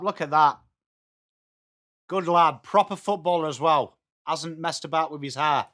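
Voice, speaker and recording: A young northern Englishman running a fan watchalong stream speaks at a measured pace, his voice on the high side. Commentating live and reading chat, he stays excitable and trades banter with viewers by name.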